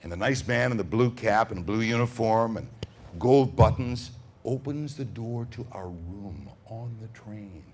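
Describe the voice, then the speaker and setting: A man telling stories to children at a school, dramatic and animated, swinging from whispers to booms. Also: a little slow, a little hiss or hum. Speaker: storyteller. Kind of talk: storytelling to children.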